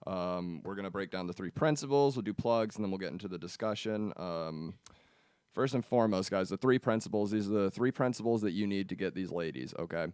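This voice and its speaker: A man's voice: low-pitched, fairly quick, darkish tone, smooth, dry recording, clean studio sound. A young man co-hosting a casual podcast, blunt and crude as he lectures on dating. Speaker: podcast co-host.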